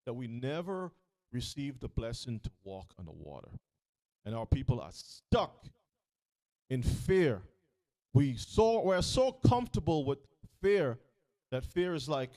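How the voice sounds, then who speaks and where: Animated man teaching scripture. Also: on the high side. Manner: animated, questioning, acts out the story in voices. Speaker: teacher leading a scripture reading. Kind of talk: interactive sermon.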